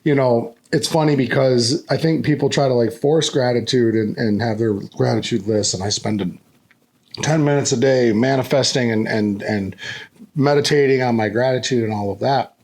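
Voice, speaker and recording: A man's voice: mid-range voice, normal speed, a little mellow. A man hosting an interview podcast, affirming and conversational. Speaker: podcast host. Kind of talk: casual interview chat.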